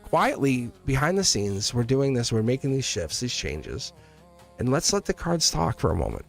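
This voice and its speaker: Give me a man at mid pitch doing a live tarot reading, chatty and rambling, cutting into his own sentences and chuckling as he goes. Soft music plays faintly behind him. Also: big pitch swings, moderate pace, creaky. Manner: rambling, restarts sentences, laughs often. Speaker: live tarot reader and channel host.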